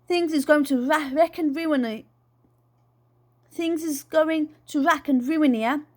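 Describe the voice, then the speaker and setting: A woman's voice: high-pitched, slow pace, pitched above the performer's own voice. Woman putting on a bossy aunt. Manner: scolding, dramatic exclamations. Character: bossy, blunt middle-aged aunt.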